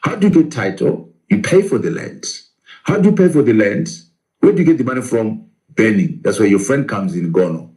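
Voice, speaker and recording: Prof guy in an interview, mellow warm voice, keeps firing off questions and answering them. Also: on the low side, lively intonation, fairly quick, rough recording. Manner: emphatic, poses rhetorical questions and answers them. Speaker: professor interviewed as guest. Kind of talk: political interview.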